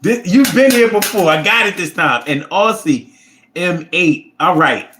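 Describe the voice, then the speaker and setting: Animated, blunt-talking man on a livestream. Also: high-pitched, a little slow. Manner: blunt, profane, rambling. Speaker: livestream host reading chat. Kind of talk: casual livestream chat.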